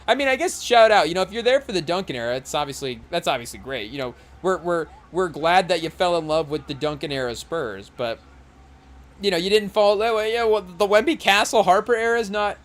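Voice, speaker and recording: A man's voice: high-pitched, expressive, a little fast, fairly bright tone. A young man hosting a podcast in casual chat while watching a live game, rambling and often saying "hey, yo" and addressing the chat. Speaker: podcast host.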